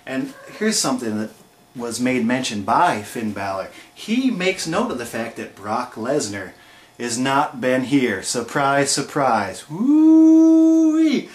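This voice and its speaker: A man delivers a casual wrestling show review in a playful, joking manner, often posing rhetorical questions to the viewer. His voice sits at an ordinary middle pitch. The recording carries a noticeable roomy echo. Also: expressive, measured pace. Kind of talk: casual recap commentary.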